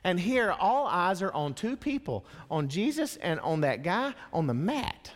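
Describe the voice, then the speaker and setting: A man preaching a sermon as a dramatic storyteller, dropping to a hush and then rising to impassioned emphasis. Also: high voice, big pitch swings, unhurried. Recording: long hall reverb.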